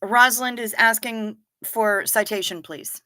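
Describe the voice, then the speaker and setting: A woman hosts a live stream and chats with her viewers in an unhurried, drawn-out way, reading their comments aloud. Her voice is bright and forward, and her delivery is wry and loose, with casual swearing and frequent giggles. The sound is dry and close, with no room echo. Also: on the high side.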